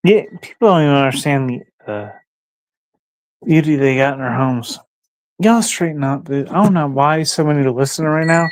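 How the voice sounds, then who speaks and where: A man with a somewhat high voice hosts a casual livestream at normal speed, with no echo in the audio. He rambles and muses out loud, occasionally speaking to his dog between thoughts.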